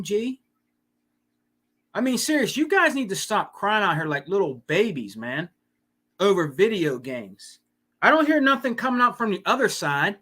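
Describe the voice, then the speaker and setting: A man's voice: high-pitched, bright, forceful tone. A man hosting a casual live stream, ranting and swearing, with lots of "you know what I mean.". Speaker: podcast host.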